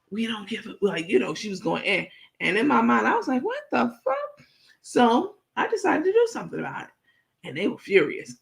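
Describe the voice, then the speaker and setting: A woman hosting a casual commentary vlog, talking straight to her viewers in an animated, profane, digressive way. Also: mid-range voice, creaky. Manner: playful, digressive storytelling. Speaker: commentary vlogger.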